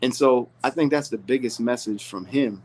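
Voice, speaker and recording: Guy in an interview, earnest storytelling, mid pitch. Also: normal speed, a little mellow, a little hiss or hum, low-quality recording. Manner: earnest storytelling, acts out quoted voices. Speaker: rapper's manager, interview guest. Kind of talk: candid interview conversation.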